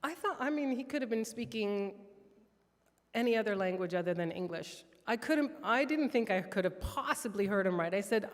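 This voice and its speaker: A woman telling a heartfelt personal prayer story during a church worship service, soft-spoken and emotional. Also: mid-range voice, animated, normal speed, big-room sound. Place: church sanctuary.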